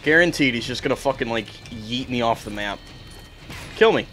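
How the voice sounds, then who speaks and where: A man's voice: medium pitch, fairly quick, bright, forceful tone, soft background music. A young man ranting and swearing in frustration while commenting on his own gameplay. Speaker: gaming streamer.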